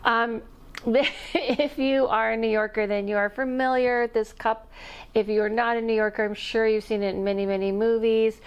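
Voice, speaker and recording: Chatty woman medium with smooth voice. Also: a little high, fairly even intonation, moderate pace, lo-fi sound. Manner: chatty, rambling, self-interrupting with laughs. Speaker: intuitive medium and channel host. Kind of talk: casual vlog talk to camera.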